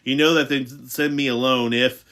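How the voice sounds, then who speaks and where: A man's voice: mid-range voice, fairly even intonation, moderate pace, a bit bright, lightly acted. A man reading the part of a frightened but determined young teenage girl, with an urgent, pleading delivery.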